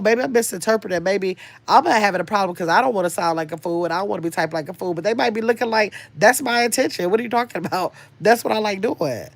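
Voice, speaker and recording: A woman's voice: fairly low pitch, dry recording. An older woman hosting a casual livestream, chatting and rambling as she reads viewers' comments aloud. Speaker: livestream host reading chat.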